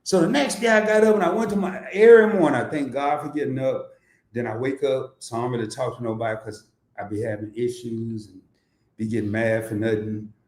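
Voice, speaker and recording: A middle-aged man hosting his own investing channel, talking casually at his home computer in an animated storytelling way, chuckling as he goes. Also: roomy sound. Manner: animated storytelling, pitch jumps way up when excited, chuckles often. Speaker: crypto investing channel host. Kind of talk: casual personal vlog chat.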